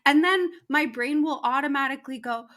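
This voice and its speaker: A woman's voice: high-pitched, brisk, fairly bright tone. A young adult woman, a podcast guest, talking candidly and emotionally, with lots of "like" fillers. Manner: emotional, open, heavy use of "like". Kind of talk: candid conversational interview.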